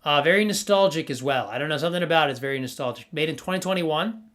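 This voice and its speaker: A man's voice: a little high, fast talker, fairly bright tone. Rambling young man hosting a stream. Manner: rambling, stammering, playful, talks to chat. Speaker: livestream host reviewing NFT art. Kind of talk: casual livestream chat.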